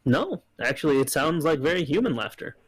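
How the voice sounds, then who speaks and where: A man's voice: fairly high pitch, very animated, fairly quick, breathy edge, no echo, poor audio. Casual man running a tabletop game. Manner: casual, filler-heavy narration. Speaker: game master.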